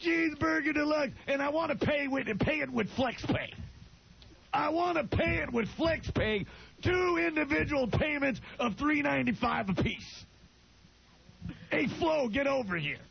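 A man impersonating a yelling, grumpy TV salesman. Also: extremely high pitch, lively intonation, measured pace, creaky, pauses often, slight background noise, pitched above the performer's own voice, heavily acted. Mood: bossy, mocking. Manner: yelling, complaining, repeating himself. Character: loud, grumpy middle-aged male TV salesman yelling at a diner. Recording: dull lo-fi radio broadcast.

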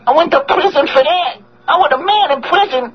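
A man voicing a crude, rampaging male ex-con boxer who taunts, shouts and cries out in a high, lisping squeal, laughing between threats. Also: animated, brisk, a loud crowd. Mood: taunting. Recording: dull radio broadcast with noise.

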